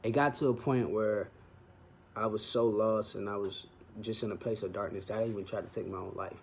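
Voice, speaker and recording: A man's voice: on the low side, fairly even intonation, normal speed, a little hiss or hum. Earnest man giving a heartfelt testimony. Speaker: vlog host. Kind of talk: personal testimony to camera.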